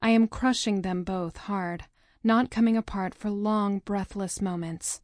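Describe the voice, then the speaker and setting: A woman narrating a novel in the first person, with a measured, dramatic reading. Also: medium pitch, dry recording, clean studio sound. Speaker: audiobook narrator.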